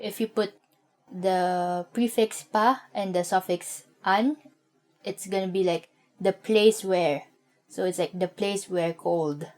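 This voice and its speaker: A young woman with a Filipino accent, teaching vocabulary in a relaxed, chatty way, often saying "like". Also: mid-range voice. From Philippines. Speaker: language teacher. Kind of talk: casual vocabulary lesson.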